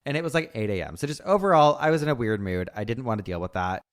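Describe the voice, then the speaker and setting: A man's voice: medium pitch, expressive, quick pace, smooth. A man co-hosting a casual podcast, teasing his co-host and reading a listener's post aloud. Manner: playful teasing, laughs often.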